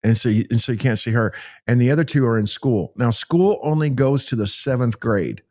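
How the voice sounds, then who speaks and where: A middle-aged man from Texas, a pastor telling stories in a folksy, animated way during an interview. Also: medium pitch, a little fast. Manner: folksy, animated storyteller with frequent restarts. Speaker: pastor and child rescuer. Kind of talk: interview storytelling.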